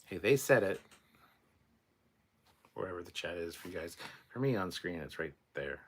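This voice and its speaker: Lively intonation at a normal speed marks this man's voice, with a slight hiss or hum in the recording. Short on sleep, he runs a laid-back late-night stream, reading out chat and drifting into tired, rambling mumbles and low mutters.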